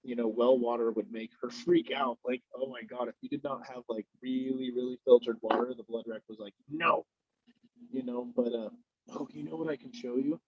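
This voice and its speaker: A man's voice: mid-range voice, fairly even intonation, brisk, slightly rough, dry recording, dull audio. A man guesting on a podcast, chatting casually and telling rambling, laid-back stories while he smokes. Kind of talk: casual chat while smoking.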